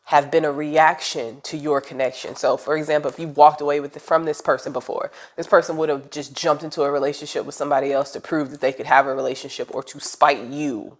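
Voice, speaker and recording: A woman with a low voice reads tarot cards aloud in a loose, chatty way. She sounds congested from a cold, and her talk drifts and rambles with "um"s and "you know"s. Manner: chatty, rambling, direct address with fillers. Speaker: tarot reader. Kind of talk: casual tarot reading.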